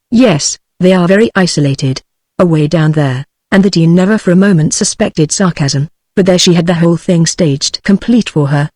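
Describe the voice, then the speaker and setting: A woman's voice: lowish voice, dry recording. Dry synthetic British woman narrator. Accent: British English. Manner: even, steady machine reading. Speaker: audiobook narrator. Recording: dry, close text-to-speech audio.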